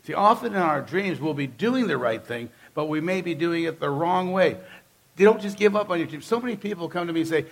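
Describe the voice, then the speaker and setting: A male pastor delivering a sermon with a gravelly, slightly raised voice. He keeps it conversational but emphatic, and he hammers points home by repeating phrases. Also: a little high, animated, fairly quick.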